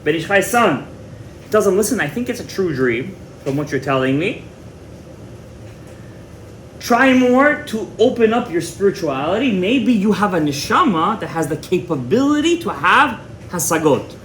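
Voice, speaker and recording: A man's voice: high voice, very animated, moderate pace, a bit bright, slight background noise. A man teaching a Torah class as a rabbi, retelling a story dramatically, repeating words and mixing in Hebrew terms. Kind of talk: animated storytelling lecture.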